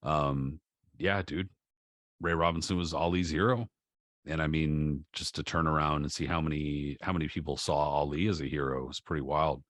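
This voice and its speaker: A man's voice: very deep voice, fairly even intonation, normal speed, fairly bright tone, dry recording, clean studio sound. A man co-hosting a casual podcast, speaking in a laid-back, slangy way. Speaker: podcast co-host. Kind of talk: casual chat.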